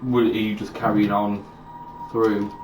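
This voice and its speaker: A man's voice: on the low side, level tone, a little slow, darkish tone. A man running a tabletop game, chatting casually and narrating in a laid-back way. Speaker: dungeon master. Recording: roomy distant mic with music.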